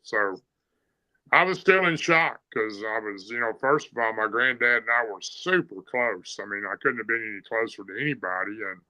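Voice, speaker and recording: A man's voice: lowish voice, lively intonation, normal speed, bright, forceful tone, poor audio. A man telling a story in a plain-spoken, rambling way, with many fillers. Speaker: guest telling an encounter story. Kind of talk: casual storytelling.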